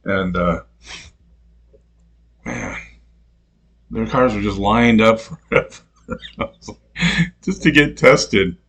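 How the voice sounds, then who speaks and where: A man's voice: fairly low pitch, expressive, takes it slowly, gravelly, long pauses, a bit bright, breathy edge. Rambling, swearing man telling stories. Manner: rambling, swears freely, laughs at his own stories; mimics other people in quoted voices. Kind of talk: casual profane storytelling rant.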